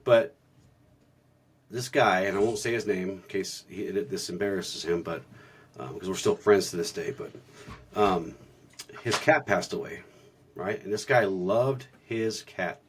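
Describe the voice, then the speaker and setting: A man's voice: low voice, measured pace, long pauses, a little hiss or hum. A man co-hosting a spiritual podcast, telling stories earnestly and reflectively in a casual way, often restarting his sentences. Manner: earnest storytelling with many restarts. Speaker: podcast co-host.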